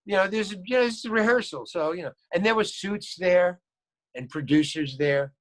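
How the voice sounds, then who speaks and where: A man's voice: high voice, normal speed. A man, a guest actor, telling a story and acting out what people said, often repeating his words. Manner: animated, acts out quoted lines, repeats words. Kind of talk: storytelling anecdote.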